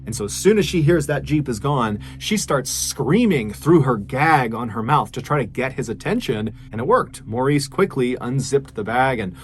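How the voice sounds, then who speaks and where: A man's voice: medium pitch, expressive, moderate pace, hardly any pauses. A man hosting a podcast, telling a true crime story in a conversational, earnest way. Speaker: podcast host.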